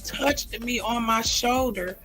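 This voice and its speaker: Slow and fairly high-pitched, a bit bright, a middle-aged livestream host pours out emotional personal talk with faint music in the background. The audio is poor, and her heartfelt delivery leans on repeated phrases for emphasis.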